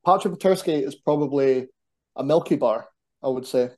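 Man, mellow tone, rambling casual chat, animated. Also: medium pitch, moderate pace. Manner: animated, self-deprecating, rambling. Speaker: podcast guest, wrestler.

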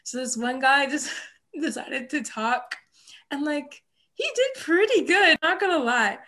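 A woman's voice: high voice, expressive, unhurried, sharp tone. A teenage girl co-hosting a podcast, chatting casually and filling her talk with "like" and small laughs. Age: teens. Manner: chatty, many "like" fillers, laughing asides. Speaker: podcast co-host. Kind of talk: casual chat. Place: home, online call.

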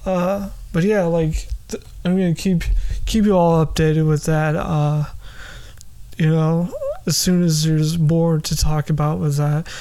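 A man's voice: fairly high pitch, level tone, measured pace, warm tone. A young man hosting a solo comedy podcast, rambling loosely with lots of fillers. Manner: loose, rambling, full of fillers and silly bits. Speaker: podcast host.

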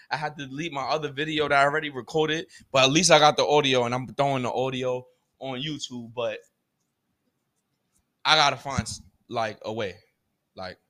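A man's voice: medium pitch, fairly bright tone. A young man hosting his own podcast, ranting in a profane, exasperated comic monologue full of rhetorical questions. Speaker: podcast host. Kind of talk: solo comedic rant.

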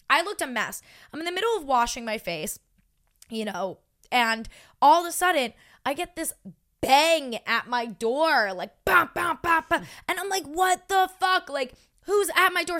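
Young woman podcast host, clear and fairly high voice, casual and profane. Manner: animated, swears freely, acts out quotes. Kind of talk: casual chat, storytelling.

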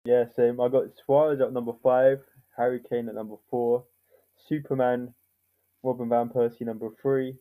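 A man's voice: mid-range voice, flat delivery, moderate pace. Young man, podcast co-host, laid-back, jokey, phone-like tinny sound. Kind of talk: casual football chat.

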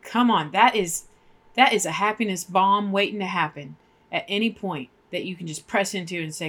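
A woman's voice: mid-range voice, moderate pace, fairly bright tone. A woman co-hosting a faith podcast, talking emphatically and acting out prayers as she goes. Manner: emphatic, preachy, acts out prayers. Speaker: podcast co-host.

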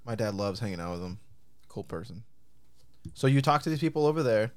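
A man's voice: fairly low pitch, expressive, brisk. A man hosting a casual chat, curious and profane, asking questions and laughing along.

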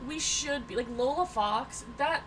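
A young woman with a high voice co-hosts a podcast, dropping deadpan jokes into the chat. Faint room noise hums behind her. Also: measured pace. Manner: joking, deadpan asides. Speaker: podcast co-host. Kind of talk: casual chat.

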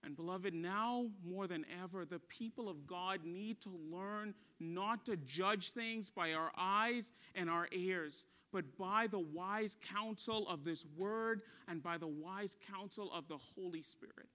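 Male pastor, high ringing tone, sermon delivery with call-and-response. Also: takes it slowly, hardly any pauses. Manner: preaching with call-and-response questions, dropping soft for stories.

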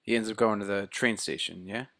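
A man chats casually, jumping in to finish his co-host's sentences. His voice is on the low side, and the sound is dry and a little distant from the mic. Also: fairly quick, vocal fry, a bit bright, no room sound. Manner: chiming in, finishing the other's sentences. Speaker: co-host. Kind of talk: casual chat.

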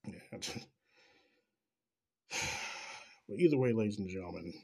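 A man's voice: on the low side, expressive, slow pace, gravelly, a little mellow, slightly rough. A man delivering an angry, profane, sarcastic rant straight to the listener. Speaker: commentator. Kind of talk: ranting commentary.

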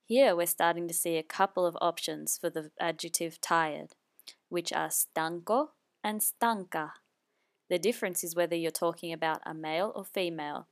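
A woman's voice: on the low side, steady tone, moderate pace. A woman teaching a language lesson, explaining patiently and repeating each phrase twice. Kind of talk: slow spoken language lesson.

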